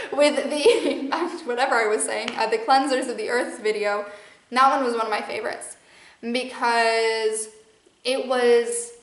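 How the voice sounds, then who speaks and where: A woman's voice: a little high, a bit bright. Young midwestern woman chatting on and on, lots of restarts and little laughs, bit of room echo. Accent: Midwestern American. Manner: rambling, restarts often, laughs often. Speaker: podcast host and channeler. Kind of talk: casual monologue.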